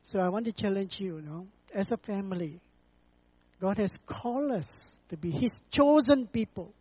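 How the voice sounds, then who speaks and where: A preacher delivering a sermon and closing prayer in an earnest, deliberate way, repeating phrases for emphasis, on a dull lo-fi recording. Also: mid-range voice, dark tone, breathy edge, no echo.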